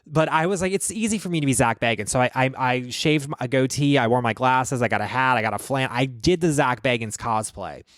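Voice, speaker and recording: A man's voice: medium pitch, a little fast, few pauses, a bit bright, no room sound. Rambling, profane man, dry sound. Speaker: host. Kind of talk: casual reaction chat.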